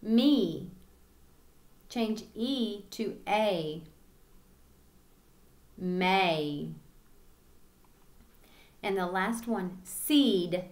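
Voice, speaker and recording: A woman teaching a kindergarten phonics lesson, drawing words out slowly and enunciating each sound clearly for young children. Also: medium pitch, lively intonation. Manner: slow, drawn-out, clearly enunciated word drills.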